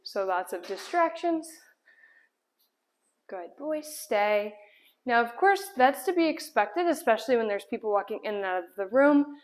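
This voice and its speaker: A woman's voice: a little high, lively intonation, brisk, few pauses. A woman dog trainer explaining a puppy's sit and down stays while giving him firm commands indoors. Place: indoor room at home.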